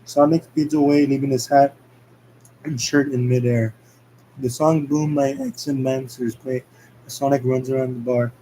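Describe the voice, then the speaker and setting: A man reading a movie script aloud as narration, halting and stumbling over words as he goes. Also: mid-range voice, dark tone, a little hiss or hum, low-quality recording. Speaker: script reader. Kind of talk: amateur script read-aloud.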